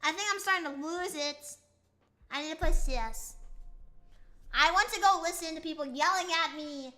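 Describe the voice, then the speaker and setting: Young woman streamer, high and bright voice, goofy rambling chat, slight S lisp. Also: normal speed. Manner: goofy, rambling, playful tongue-twister attempts. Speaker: VTuber streamer. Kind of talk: casual live-stream chat reading chat.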